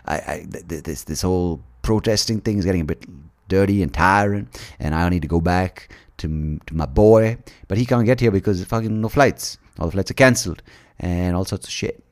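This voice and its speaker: A man's voice: deep voice, brisk, darkish tone. A man telling a story as a comic monologue, rambling, irreverent and full of jokes. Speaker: podcast guest.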